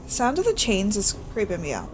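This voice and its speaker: A woman's voice: medium pitch, wildly swooping pitch, a little fast. A woman casually commenting on a horror game she is playing, chatty and sarcastic, sometimes dropping to a whisper. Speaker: gaming streamer. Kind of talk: casual let's-play commentary.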